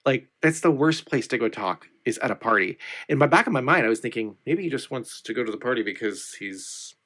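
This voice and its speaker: A man co-hosting a podcast in relaxed, chatty talk. He retells scenes from an old TV episode with animated quotes of the characters. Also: mid-range voice, fairly quick. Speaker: podcast co-host. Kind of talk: casual chat recapping a TV episode.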